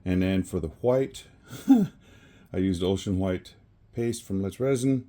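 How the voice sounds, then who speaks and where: A man with a lowish, mellow voice chats through a resin pour in his home craft workspace, his camera on a tripod. The narration is casual and rambling, with self-corrections and chuckles at his own mistakes.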